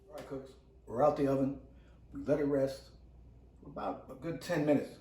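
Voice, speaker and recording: A man's voice: mid-range voice, moderate pace, long pauses, dark tone, echoey room, far from the mic, low-quality recording. A middle-aged man hosting a home cooking vlog in his kitchen, chatty and joking, calling his viewers "cooks".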